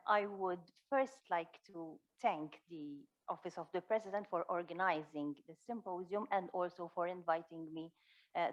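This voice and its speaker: A woman chairing a conference session as moderator, formal and measured, with hesitant pauses. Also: lowish voice. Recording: dull lo-fi sound.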